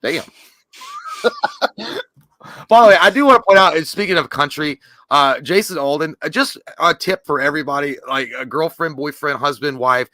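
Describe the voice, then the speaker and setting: A man's voice: medium pitch, sharp tone, no room sound. A man with a Southern US accent co-hosting a live movie show, talking in crude, rowdy, profane banter.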